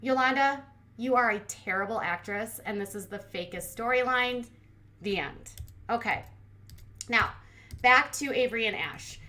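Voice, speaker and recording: Host, female, slightly high voice; casual sarcastic recap commentary, blunt and chatty. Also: measured pace, pushed and bright. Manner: sarcastic, blunt, heavy use of "like".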